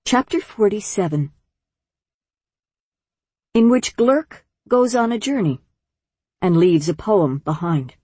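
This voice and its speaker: A woman narrating an audiobook in a measured, gentle storytelling manner. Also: mid-range voice, animated, slightly rough, no echo. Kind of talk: scripted narration.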